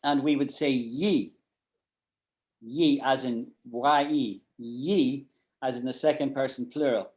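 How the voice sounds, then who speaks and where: A man's voice: medium pitch, fairly even intonation, slow pace, a little mellow. Hesitant male English teacher on a call. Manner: hesitant, repeats words. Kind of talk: online class feedback. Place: at home in Ireland.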